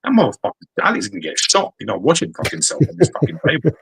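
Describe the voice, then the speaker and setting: A man's voice: on the high side, huge pitch swings, very fast, vocal fry, fairly bright tone, husky, no echo, poor audio. A British man co-hosting a podcast, chatting casually with swearing-laden banter. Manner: profane, rambling banter. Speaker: podcast co-host. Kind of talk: casual chat.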